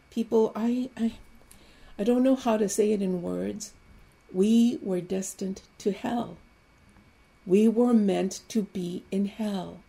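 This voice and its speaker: A woman preaching an Easter sermon with fervent, emphatic repetition that builds to loud exclamations. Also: medium pitch, vocal fry.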